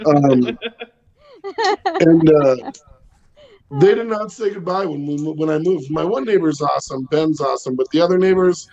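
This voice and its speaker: A man in his thirties with a loud, bassy voice, doing a rambling stand-up set from home with lots of ums and chuckles. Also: moderate pace, long pauses, highs cut off. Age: 30s. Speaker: stand-up comedian. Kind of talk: casual stand-up set over video call. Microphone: home video call.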